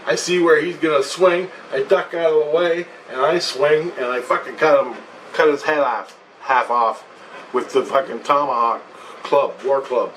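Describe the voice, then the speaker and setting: A man retelling a personal experience in a blunt, profane, animated way. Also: fairly high pitch, normal speed, far from the mic, a little hiss or hum, low-quality recording. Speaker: vlogger. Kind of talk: casual storytelling.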